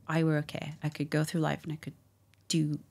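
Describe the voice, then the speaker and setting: Speaking briskly in a low, creaky voice, a woman appears as a guest recounting a personal story with candor. She laughs warmly and brings it to life with quoted dialogue.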